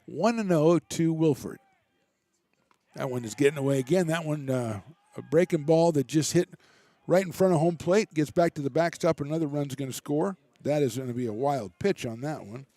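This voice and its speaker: A man doing relaxed, chatty play-by-play commentary for a college baseball game, with self-deprecating asides. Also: a little high, normal speed, dry recording. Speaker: play-by-play announcer.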